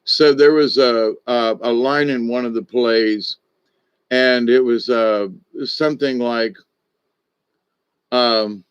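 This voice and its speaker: An older man and former stage director telling rambling, animated stories in a casual monologue, often trailing off and restarting. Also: mid-range voice, slow, clear, resonant tone, no echo. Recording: dull, dry lo-fi audio.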